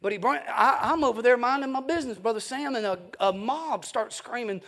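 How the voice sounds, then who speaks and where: Evangelist, male, very high voice with gravelly fry, fervent emphatic revival preaching. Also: a little fast, few pauses, a bit bright. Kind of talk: evening revival sermon.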